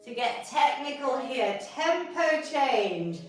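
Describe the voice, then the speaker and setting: A woman's voice: sits high, very animated, takes it slowly, faint music behind. A woman leading a live online exercise class, encouraging and upbeat as she coaches. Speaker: fitness instructor. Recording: echoey room from far off.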